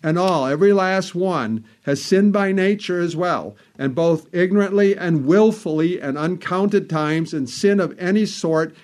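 A man preaching a sermon, speaking in measured phrases, repeating words for emphasis and quoting old scripture wording. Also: sits high, darkish tone.

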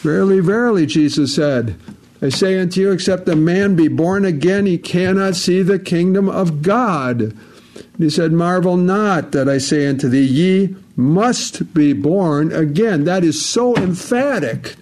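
High-pitched guy preaching hard, keeps repeating himself, quotes scripture a lot. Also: moderate pace, darkish tone, a little hiss or hum. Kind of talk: sermon.

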